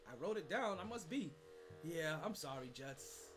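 A man with a fairly high voice runs through game picks as a podcast host. He jokes loosely and stumbles over his words, repeating them as he goes. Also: animated, moderate pace, over music. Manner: joking, stammers and repeats himself. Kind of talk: casual sports chat.

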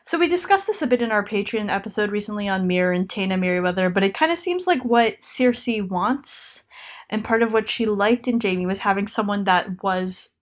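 A woman's voice: medium pitch, expressive, a little fast. A woman co-hosting a podcast, chatting casually about a book with lots of fillers and frequent laughter. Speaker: podcast co-host. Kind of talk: casual book discussion chat.

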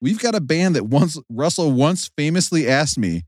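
Jokey male podcast host, lively pitch. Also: moderate pace, no echo. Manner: jokey, theatrical, swings pitch widely. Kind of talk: casual comedic chat.

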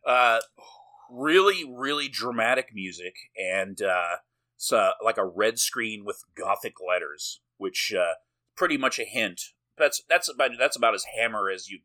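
A man's voice: on the low side, animated, measured pace, sharp tone. A man co-hosting a podcast, recapping a film in a rambling, jokey way, swearing and laughing often. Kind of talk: casual movie-recap chat.

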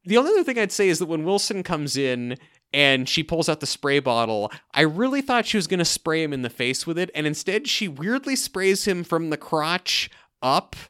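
Man, podcast co-host, casual chat, jokey, smooth resonant voice, animated delivery. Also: a little high, moderate pace.

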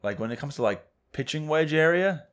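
A man's voice: a little high, expressive, brisk. Chatty, teasing male podcast co-host. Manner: chatty, teasing, says dude a lot. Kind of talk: casual chat.

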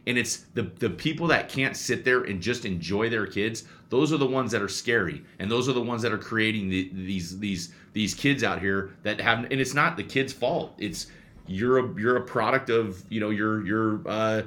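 A man's voice: on the low side, normal speed. A man who coaches youth baseball, chatting casually and telling stories with lots of restarts and repeated words. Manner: animated storyteller, many restarts and repeats. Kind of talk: casual chat.

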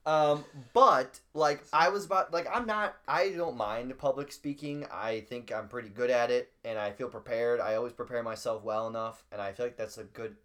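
A man's voice: mid-range voice, moderate pace, few pauses. Rambling casual podcast man. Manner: rambling, filler-heavy, animated storytelling. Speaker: podcast co-host. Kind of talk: casual sports podcast chat.

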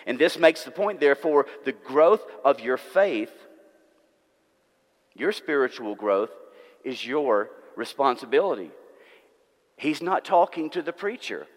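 Male preacher, mid-pitch voice, earnest and emphatic, long church-hall reverb. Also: very animated, measured pace, long pauses. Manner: earnest, emphatic, repeats words for stress. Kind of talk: sermon.

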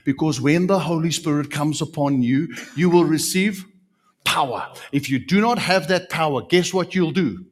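A man with a South African accent preaching a sermon in an animated, emphatic way, full of rhetorical questions. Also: fairly high pitch, normal speed.

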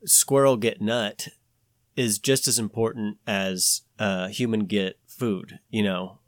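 Rambling low-voiced man hosting a podcast. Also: slow, no room sound, studio quality. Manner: rambling, animated, many restarts and "like" fillers. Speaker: podcast host. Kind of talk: casual podcast chat.

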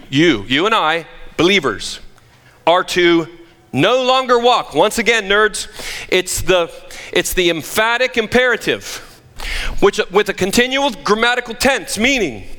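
A man's voice: sits high, bright, forceful tone. A man preaching a sermon as pastor, emphatic with joking asides, in a church sanctuary. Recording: long reverb of a large hall.

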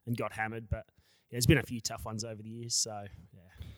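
A man's voice: fairly low pitch, little pitch movement, fairly quick, a bit bright, no echo. An Australian man in his thirties, a podcast guest, recalling old matches in a reflective, rambling way. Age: 30s. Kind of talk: casual interview.

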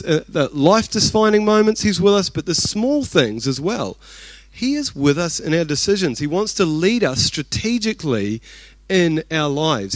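A man's voice: high-pitched, no echo. A man with a New Zealand accent preaching a sermon, telling a personal story in a chatty, self-deprecating way. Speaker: pastor.

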